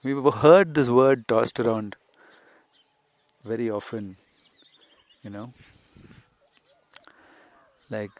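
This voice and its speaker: Drawing out his words and leaving long pauses, a man with a mid-range voice delivers an unscripted podcast lesson from a hillside outdoors. He's a spiritual teacher and host, chatty and rambling, fond of "you see", and there's slight hiss or hum.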